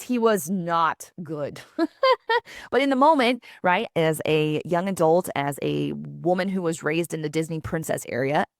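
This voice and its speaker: A woman in her thirties hosting a solo podcast, telling personal stories in a lively, conversational way with laughs and asides. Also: sits low, vocal fry, no echo, clean studio sound. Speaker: podcast host.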